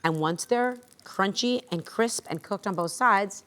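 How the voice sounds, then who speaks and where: A woman's voice: mid-range voice, a little slow, fairly bright tone, a little hiss or hum. A woman hosting a cooking show, explaining a recipe step by step in an encouraging way. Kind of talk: cooking demonstration.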